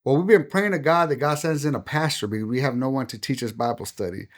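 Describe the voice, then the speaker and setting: A man's voice: medium pitch, fast talker. Middle-aged pastor guy telling his story on a podcast, acts out the back and forth, plain mid voice. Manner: animated storyteller acting out quoted dialogue. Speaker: pastor and guest.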